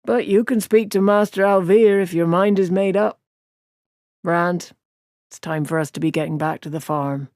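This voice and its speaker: A calm middle-aged farmer and father, firm and unhurried, spoken fairly low and dry. A woman reads him in an audiobook, close to her own voice. He speaks in a way that brooks no argument. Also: no room sound, lightly acted.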